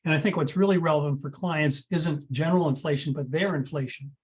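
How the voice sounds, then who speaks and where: A man's voice: fairly high pitch, brisk, darkish tone. A man giving expert answers on a video call, hesitant, restarting sentences often. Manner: hesitant, lots of restarts and uh's. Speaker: guest advisor.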